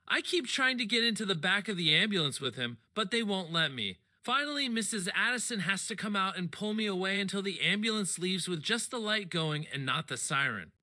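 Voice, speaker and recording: A man reading a story aloud in the first person, in an animated, expressive way. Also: sits high. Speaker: audiobook reader.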